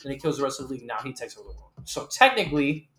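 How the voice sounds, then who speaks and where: A man's voice: medium pitch, very animated, racing. A man hosting a podcast, telling a rambling, profane story in casual banter. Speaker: podcast host.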